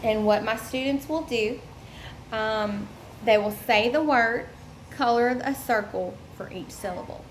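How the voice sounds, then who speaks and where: A young woman walks through a classroom lesson plan slowly, filling her pauses with ums as she explains each step. Her voice carries a roomy echo with a faint hiss of background noise. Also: a little high. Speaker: education student presenting a lesson plan. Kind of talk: recorded lesson plan presentation. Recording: echoey room with faint noise.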